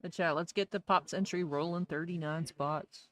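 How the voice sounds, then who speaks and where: A woman's voice: on the low side, fairly even intonation, moderate pace. Woman hosting a card-break stream, easygoing and jokey, calling out viewers by name. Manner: greets viewers by name and jokes with chat. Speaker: livestream host opening trading card packs. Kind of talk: casual livestream chat.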